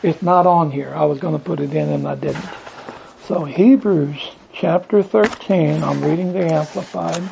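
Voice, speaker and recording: A man's voice: fairly high pitch, normal speed, gravelly, noisy background. A man teaching from the Bible to a small group, reading scripture aloud, asking questions and building emphasis on repeated lines. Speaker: preacher.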